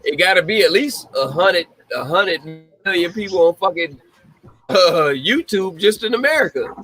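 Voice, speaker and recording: Over faint background music, a man with a high-sitting voice, lively intonation and a sharp tone speaks at a moderate pace. He hosts a podcast of blunt, casual, heavily profane ranting, often breaking into laughter, on a low-quality recording.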